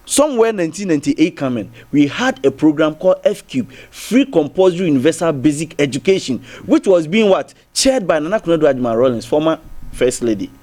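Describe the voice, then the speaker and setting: This guest on a heated TV panel debate speaks Ghanaian-accented English in a slightly high, expressive, somewhat mellow voice, a little fast. He argues by circling back, restarting repeatedly and posing rhetorical questions.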